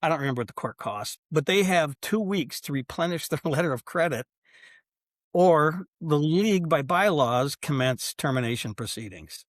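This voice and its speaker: His voice sits on the high side and moves at normal speed, recorded cleanly in a studio with no room sound. An older sports executive, he's a podcast guest telling anecdotes in a relaxed interview. He animatedly acts out quoted conversations.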